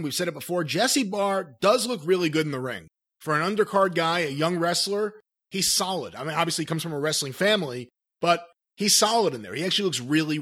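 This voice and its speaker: A man with a somewhat high voice hosts a casual commentary chat. He steers the conversation and sets up each clip in an easy, conversational way. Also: a bit bright. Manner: leads the talk, cues clips. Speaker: podcast host.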